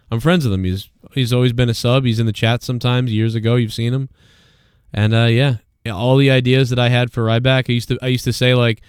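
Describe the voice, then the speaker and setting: A man's voice: mid-range voice, clear, resonant tone, dry recording, clean studio sound. A man hosting a live show, ranting casually and swearing often as he rambles. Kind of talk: casual live-stream rant.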